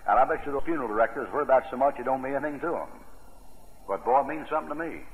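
A man's voice: mid-range voice, very fast. A man preaching a sermon in a folksy, emphatic way. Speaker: pastor. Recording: tinny, echoey old radio broadcast.

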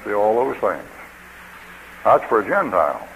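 A man's voice: lowish voice, sing-song, a little slow, vocal fry, fairly bright tone, slight background noise, low-quality recording. A man preaching a sermon in a folksy, joking way, acting out what people say.

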